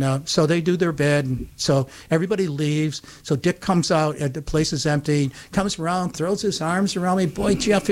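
A man from upstate New York on a radio show, telling a long anecdote in a casual, animated way and acting out the quotes. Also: fairly high pitch. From Utica, New York. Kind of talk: casual storytelling.

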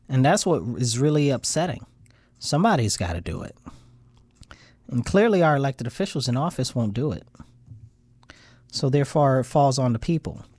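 A man's voice: mid-range voice, darkish tone, breathy edge, no room sound. An American man hosting a casual livestream, rambling and frustrated, his voice swinging up into heated outbursts. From United States. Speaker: livestream host. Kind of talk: casual political livestream rant.

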